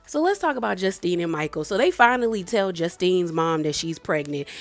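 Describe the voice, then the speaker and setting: A young woman giving a casual, animated recap of a reality show. She laughs often and acts out the lines she quotes. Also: on the low side, brisk, dry recording, faint music behind. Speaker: reality TV reviewer.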